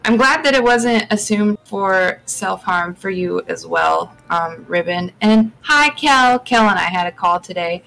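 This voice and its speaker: A young woman appears as a guest on a live stream podcast, rambling through casual chat full of fillers and restarts. Her mid-range voice is expressive, creaky, and a bit bright, at a measured pace with few pauses, on a rough recording.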